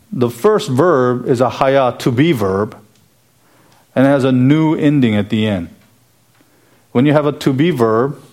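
A man's voice: medium pitch, a little mellow. A man preaching an earnest expository sermon, asking emphatic rhetorical questions as he explains a scripture passage verse by verse.

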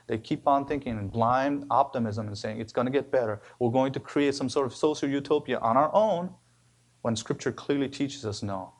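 A male pastor delivering a sermon with a gravelly edge to his voice. He preaches emphatically, climbing on the words he stresses and sinking quiet to close his points. His pitch sits in an ordinary middle range. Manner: emphatic preaching with rises and sudden drops.

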